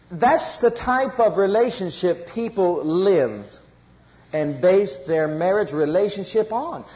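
A man preaching a sermon in an animated way, repeating phrases for emphasis and acting out everyday quarrels. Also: high-pitched, highs cut off.

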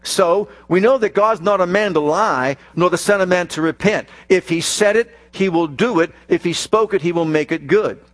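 A man preaching a sermon, reading scripture in a drawn-out, stressed cadence and dropping to a low hushed voice for emphasis, and putting questions to the congregation. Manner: slow, emphatic delivery with dramatic drops to a low hushed voice; addresses congregation with call-and-response questions. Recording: dry close sound with faint mains hum.

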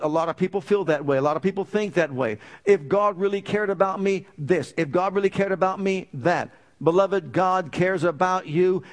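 A man with a fairly high voice preaches a sermon. He declares scripture with emphasis and presses his listeners with rhetorical questions.

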